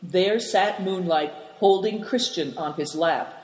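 A narrator reading a children's adventure story aloud at a steady, measured pace. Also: medium pitch. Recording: roomy hall reverb.

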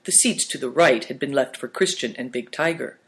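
A man reading a children's novel aloud in a measured, storytelling manner. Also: medium pitch, creaky, a bit bright. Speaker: narrator. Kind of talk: audiobook narration.

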